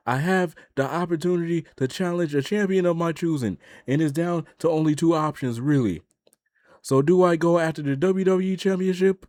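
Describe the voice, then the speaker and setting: A man's voice: fairly high pitch, darkish tone, no echo, clean studio sound. A man co-hosting a casual wrestling podcast, laughing often and retelling promos with animation. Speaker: podcast co-host.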